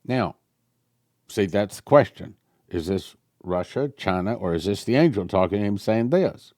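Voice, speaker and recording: Male pastor, sermon, lively swooping pitch, dry close sound, fairly low voice. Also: moderate pace, no room sound. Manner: animated, rising loud when reading quotes, musing asides. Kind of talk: sermon with read-aloud prophecy and commentary.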